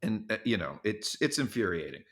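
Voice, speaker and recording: A man who is a comedian, telling stories as a podcast guest in an animated way, with quick restarts and repeated words. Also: on the low side. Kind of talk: podcast interview storytelling.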